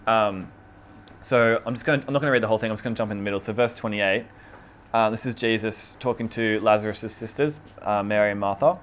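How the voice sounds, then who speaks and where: A man leading an informal Bible study, teaching in a relaxed, chatty way with many fillers. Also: lowish voice, fast, a little hiss or hum. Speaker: youth group or Bible study leader. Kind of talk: casual conversational teaching on scripture.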